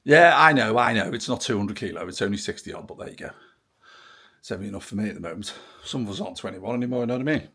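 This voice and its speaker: A man's voice: fairly low pitch, expressive, very fast, pushed and bright, husky. A middle-aged man ranting sarcastically in a vlog, swearing freely. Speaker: vlogger.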